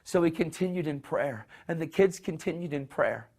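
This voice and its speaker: A man preaching a sermon with passion. He restarts and repeats phrases and shifts into soft, hushed voices when he acts out the people in his story. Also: fairly high pitch, lively intonation, normal speed, breathy edge.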